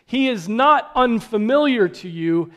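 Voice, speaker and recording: A man preaching a sermon, earnest, posing rhetorical questions and dropping to a hush for emphasis. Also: very high-pitched, lively intonation, measured pace.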